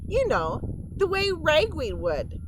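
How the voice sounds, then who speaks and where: A woman voicing a small, plump girl mouse with a high, teasing voice in a read-aloud storybook. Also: wildly swooping pitch, slow, a little hiss or hum, heavily acted.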